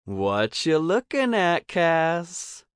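A man's voice: a little high, huge pitch swings, extremely slow, clean tone, dry recording, clean studio sound, pitched above the performer's own voice, heavily acted. A man doing a sing-song teasing teen boy. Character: smirking mischievous teenage boy.

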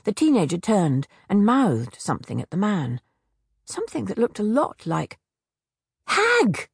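A woman narrating a children's storybook with expressive reading and many character voices. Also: medium pitch, normal speed, gravelly, husky, no echo, studio quality.

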